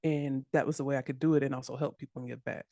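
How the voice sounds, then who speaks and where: A woman's voice: very deep voice, fast talker, no room sound. Southern woman guest on a podcast, lots of laughs, acts out voices, dry sound. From United States. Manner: animated, laughs often, acts out quoted voices. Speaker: podcast guest, web developer. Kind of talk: casual interview chat.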